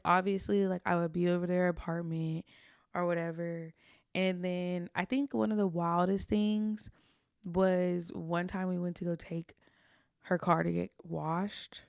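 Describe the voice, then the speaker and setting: A young adult woman hosts a podcast, candidly confessing stories from her past in casual slang. Her voice is lowish with vocal fry, recorded dry in a clean studio.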